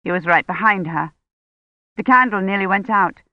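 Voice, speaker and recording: A woman narrating an audiobook in a measured, tense storytelling manner. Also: mid-range voice, no echo, highs cut off. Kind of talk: scripted narration.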